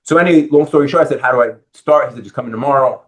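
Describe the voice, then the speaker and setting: A man's voice: mid-range voice, rapid-fire. A middle-aged man from the Bronx, a guest in a podcast interview, telling his story and acting out what people said to him. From Bronx, New York. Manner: animated storyteller acting out quoted dialogue. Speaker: guest, real estate lender.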